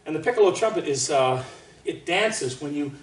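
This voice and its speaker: A man, a trumpet soloist, teaching a master class in an animated, chatty way and laughing often. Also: on the high side, moderate pace. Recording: roomy hall from far off, faint noise.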